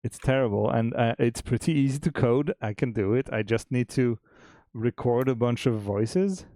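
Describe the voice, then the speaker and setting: A man co-hosting a stream, chatting casually about making a game, relaxed and chuckling, often restarting his sentences. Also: medium pitch, normal speed, no room sound, studio quality. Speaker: game developer and stream co-host.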